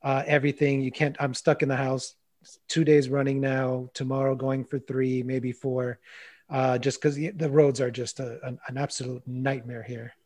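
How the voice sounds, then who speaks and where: A man's voice: mid-range voice, little pitch movement, normal speed, a little mellow, no room sound. A man from Miami and Los Angeles, co-hosting a casual chat and complaining in a chatty way with many fillers. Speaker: co-host.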